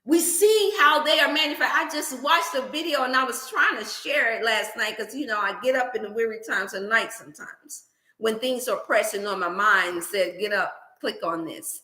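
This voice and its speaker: Bright-voiced woman preaching healthy eating, sermon style, echoey room. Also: a little high, moderate pace. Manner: preachy, animated, scripture-laced. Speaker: wellness channel host. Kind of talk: motivational livestream talk.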